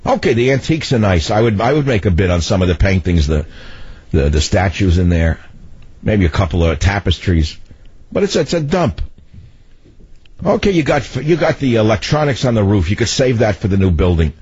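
Husky older man ranting on radio. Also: lowish voice, sing-song, a little fast, no room sound. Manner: loud commanding voice, ranting. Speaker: talk radio host. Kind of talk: political talk radio monologue. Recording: dull lo-fi radio broadcast.

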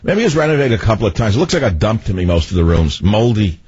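An older man hosting political talk radio, ranting in a loud, commanding voice. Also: fairly low pitch, lively intonation, fast, dry recording. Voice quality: husky. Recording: dull lo-fi radio broadcast.

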